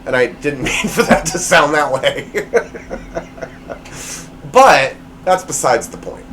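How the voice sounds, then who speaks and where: A man's voice: a little high, lively intonation, takes it slowly, fairly bright tone, a little hiss or hum, low-quality recording. A man hosting his own podcast, telling a personal story in a rambling, self-deprecating way with lots of fillers and restarts, recorded at home. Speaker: podcast host.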